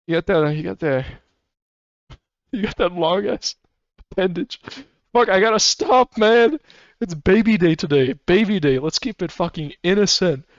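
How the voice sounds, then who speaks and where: Here a man with a high, expressive voice speaks at a measured pace as he streams, chatting loosely, cursing often and breaking into laughter. The recording is dry and slightly muffled.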